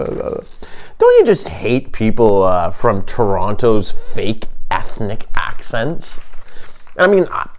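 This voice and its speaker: A man hosting a comic monologue, rambling and halting with many fillers, delivering sardonic deadpan jabs. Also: mid-range voice. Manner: halting, full of fillers and restarts. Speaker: comedian host.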